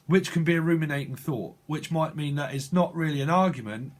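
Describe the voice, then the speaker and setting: A man giving a channeled psychic tarot reading, halting and restarting often as he speaks to the viewer. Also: on the high side. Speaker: tarot reader.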